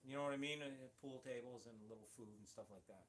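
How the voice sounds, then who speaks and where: A middle-aged man from Syracuse, New York, hosts a livestream, rambling chattily and restarting his sentences often. He talks fast in a mid-range, fairly bright voice, with a little hiss or hum on the recording.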